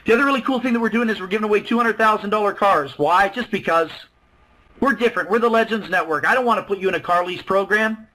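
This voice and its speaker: A man with a high, bright voice pitches a business plan over a webinar microphone. He talks with loud, excited emphasis and keeps swinging into little acted-out dialogues. His energy stays high and insistent throughout. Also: fast talker, slight background noise, rough recording. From Canada. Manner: excited, emphatic, acts out both sides of dialogues. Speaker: network marketing presenter on a webinar. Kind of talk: animated sales pitch to a webinar.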